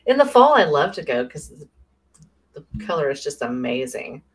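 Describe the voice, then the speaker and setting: A woman's voice: deep voice, big pitch swings, moderate pace, a crowd in the background. A woman co-hosting a podcast, chatting casually and joking playfully. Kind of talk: casual chat.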